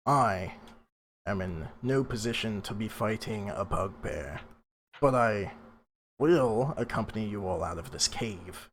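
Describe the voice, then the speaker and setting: A man's voice: fairly low pitch, lively intonation, measured pace, fairly bright tone, slight background noise, pitched below the performer's own voice. Man doing wounded male warrior, wary, guarded, defensive speech.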